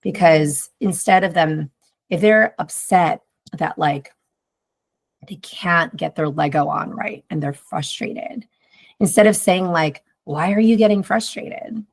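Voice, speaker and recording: A woman's voice: low voice, slow pace. A woman guest on a podcast talking casually about motherhood, rambling and reflective, with many fillers. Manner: rambling, heavy use of "like", reflective. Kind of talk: casual conversation.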